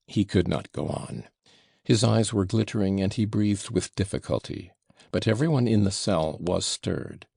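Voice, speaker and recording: A man reads a classic novel as an audiobook, measured and deliberate. His voice is very deep, gravelly and a little husky. The recording is close and dry. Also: animated, a little mellow, dry recording. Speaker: audiobook narrator. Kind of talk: scripted narration of a classic novel.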